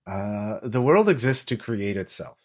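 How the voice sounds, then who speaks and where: Serene masked woman, as a deep-voiced man puts her on. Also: expressive, a little slow, darkish tone. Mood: serene, wistful. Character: serene masked woman at a masquerade, eerily content.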